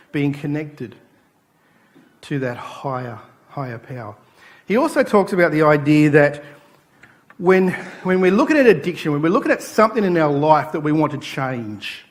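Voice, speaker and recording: Animated male pastor preaching. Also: fairly high pitch. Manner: animated storytelling, acting out quoted voices. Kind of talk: sermon. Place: church.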